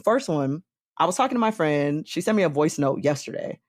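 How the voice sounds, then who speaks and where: Woman, podcast host, lively swooping pitch, dry close sound, laughs a lot. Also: a little fast, no room sound. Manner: animated, laughs often while telling stories. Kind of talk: casual chat.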